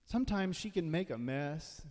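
A man's voice: on the high side, lively intonation, normal speed, a little mellow. A man preaching a sermon in a conversational way, now and then acting out quoted voices. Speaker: pastor. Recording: long hall reverb.

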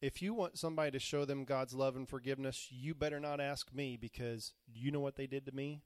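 A man's voice: medium pitch, steady tone, brisk, dry recording. A man preaching a sermon, retelling scripture in plain, modern words and acting out the quoted voices. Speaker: pastor.

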